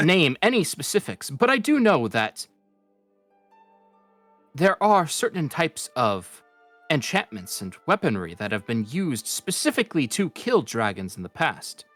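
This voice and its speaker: A man voicing an ancient, sage-like magic orb that speaks in formal, archaic, measured phrases. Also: fairly high pitch, sing-song, fairly bright tone, faint music behind, voice pushed up, exaggerated voice. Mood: solemn.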